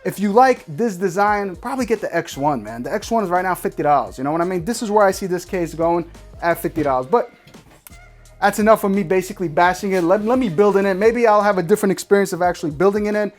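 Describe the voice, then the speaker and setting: Casting: New male tech reviewer, slangy, ranting, slightly high voice, faint music under him. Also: quick pace. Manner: slangy, emphatic, animated ranting. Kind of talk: casual hands-on product review.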